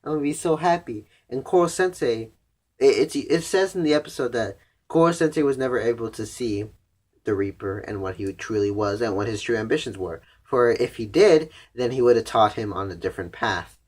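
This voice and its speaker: A young man in casual recap mode, walking through an anime episode in a loose, rambling way. His speech is peppered with "like" and easy profanity, and his voice sits at an ordinary middle pitch. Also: moderate pace, darkish tone, breathy edge. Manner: rambling, profane, heavy use of "like". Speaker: anime reviewer.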